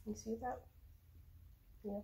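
A woman librarian reading a picture book aloud slowly and coaxing her pets in a gentle voice. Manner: slow, drawn-out reading of the story lines. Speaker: children's librarian.

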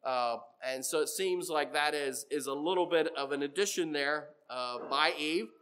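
High, bright-voiced preacher man. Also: normal speed, a little hiss or hum. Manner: storytelling, animated when quoting others. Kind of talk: sermon. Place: church.

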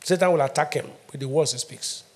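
A middle-aged Nigerian man preaching with emphatic call-and-response. His voice sits high for a man. He drives each point home and asks the congregation to answer. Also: quick pace. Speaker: pastor. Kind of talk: sermon.

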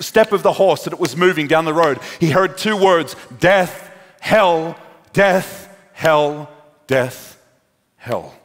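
A man preaching a sermon, telling a story dramatically and acting out the people in it. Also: sits high. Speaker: pastor. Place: large church hall. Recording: long hall reverb.

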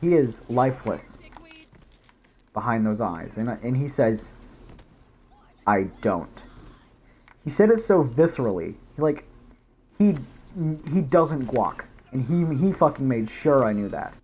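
A man's voice: mid-range voice, sing-song, a little slow, long pauses, a little mellow, a little hiss or hum. A young man, a gaming YouTuber, rambling goofily in casual commentary while he plays. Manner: goofy, rambling, jumps into silly voices.

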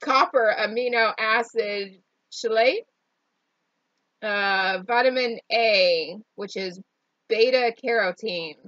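Country gal reading a label real slow, bit high voice, trips on big words and giggles, kinda muffled dry sound. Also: female voice, sharp tone, no room sound. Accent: Southern US country. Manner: stumbles over hard words and laughs at herself. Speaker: co-host reading an ingredient label. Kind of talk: casual chat.

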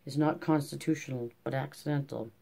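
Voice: medium pitch, steady tone, a little fast, vocal fry, dark tone. Miss Tox, a reader voicing a prim genteel spinster. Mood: polite. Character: prim genteel spinster lady, fussy and polite. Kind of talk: audiobook character reading.

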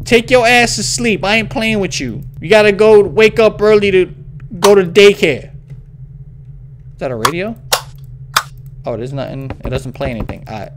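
A man's voice: sits high, expressive, normal speed, long pauses, a little hiss or hum. A young man doing horror game commentary, jumpy, swearing and scolding an unseen baby like a parent. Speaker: gaming YouTuber.

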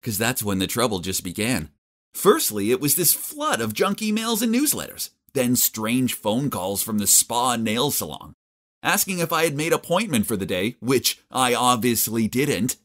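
A man's voice: mid-range voice, big pitch swings, moderate pace, fairly bright tone. A young man narrating a story in the first person, wry and self-mocking.

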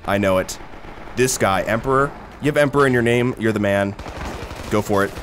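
A young man doing casual, excitable gameplay commentary, rambling, swearing and laughing between remarks. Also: on the low side, a little fast, faint music behind. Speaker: gaming commentator. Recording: noisy with game gunfire behind. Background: gunfire and artillery from the game.

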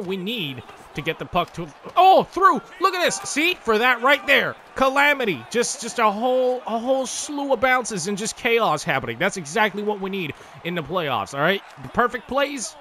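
A man giving excitable, casual commentary over a hockey video game, swearing freely and talking to the players on screen. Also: high voice, a little hiss or hum. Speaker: gaming YouTuber. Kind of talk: live gameplay commentary.

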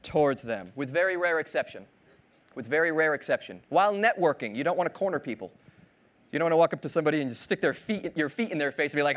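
A keynote speaker on a large conference hall stage, this man has a voice on the high side with lively intonation, and he talks fast. His talk is playful as he acts out little scenes and imitates other people's voices.

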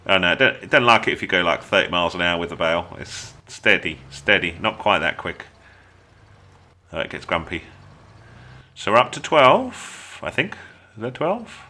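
A man with an English accent, talking through a casual gameplay tutorial in a chatty, excitable way with jokey asides. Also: deep voice, moderate pace. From England. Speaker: gaming YouTuber.

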